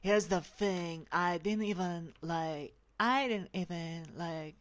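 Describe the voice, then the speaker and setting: A vlogger speaking in a slightly raspy feminine voice with a dry, sore throat, rambling and halting through a casual rant. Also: mid-range voice, a bit bright. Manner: halting, full of restarts and fillers, profane.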